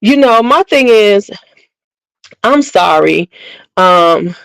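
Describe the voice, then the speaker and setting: A woman's voice: mid-range voice, expressive, slow, vocal fry, clean tone, no room sound, low-quality recording. Blunt, gossipy woman chatting. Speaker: beauty channel host. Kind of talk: casual chat to viewers.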